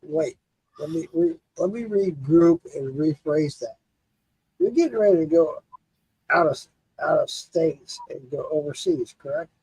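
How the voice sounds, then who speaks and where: A man's voice: on the high side, expressive, measured pace, gravelly, dark tone, breathy edge, no room sound, poor audio. A man hosting a casual livestream chat, laid-back and joking, cursing freely. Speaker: livestream host.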